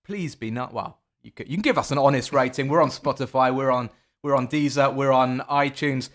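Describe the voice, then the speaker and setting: A man hosts a football podcast at an ordinary middle pitch. He talks in a loose, chatty way and trips over his words now and then. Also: a little fast. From England. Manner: chatty, with frequent fillers and restarts. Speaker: podcast host. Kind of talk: casual football podcast chat.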